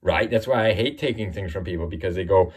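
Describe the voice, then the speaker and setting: A man's voice: low-pitched, fast talker, slightly rough. A man giving informal Bible teaching, emphatic and often asking "right?".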